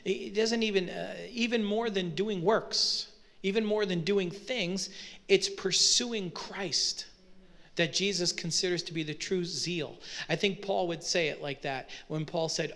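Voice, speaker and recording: A man's voice: high voice, unhurried, creaky, fairly bright tone. A man preaching a sermon, explaining Bible verses in a conversational way with frequent rhetorical questions. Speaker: pastor.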